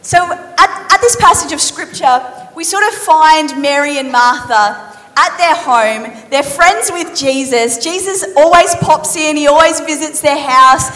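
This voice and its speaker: Woman preacher, sermon, high voice, lively and chatty, long hall reverb. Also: measured pace. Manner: lively, conversational, playful storytelling.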